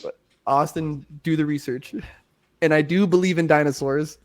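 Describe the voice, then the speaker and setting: A man's voice: a little high, fairly even intonation, normal speed. A young man co-hosting a casual podcast, rambling and laughing, often trailing off mid-sentence. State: has hiccups. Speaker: podcast co-host. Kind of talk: casual chat.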